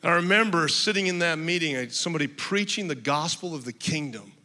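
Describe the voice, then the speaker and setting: A man preaching in a church hall, his voice sitting a little high and sounding very bright and cutting. Long reverb trails behind his words, and he speaks in an emphatic, storytelling way with some humor. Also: lively intonation, fairly quick. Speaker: pastor. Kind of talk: sermon.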